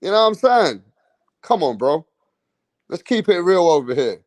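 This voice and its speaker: A man hosts a boxing channel in a loose, streetwise way. His voice sits a little high, and he keeps telling viewers off in slang, tacking "bruh" and "man" onto his lines. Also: sing-song, moderate pace, a little mellow. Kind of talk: casual livestream rant.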